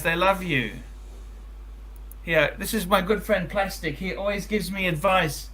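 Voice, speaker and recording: Casting: male host, high and sharp-toned, eager, repeats himself. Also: a little slow, rough recording. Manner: eager, repetitive, direct. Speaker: channel host. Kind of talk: casual call-in chat.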